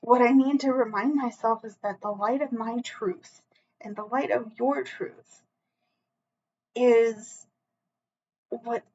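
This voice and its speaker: A woman's voice: fairly high pitch, fairly even intonation, takes it slowly, pauses often, a little mellow, dull audio. A woman giving a solo tarot reading to camera, earnest and emotional, close to tears, with frequent restarts and a reassuring "okay?". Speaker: tarot reader.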